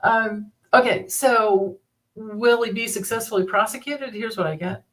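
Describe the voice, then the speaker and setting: A woman's voice: on the high side, a little slow. A woman hosting a live tarot reading stream, chatting casually, reading viewer comments aloud and laughing easily. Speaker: tarot reader hosting a livestream.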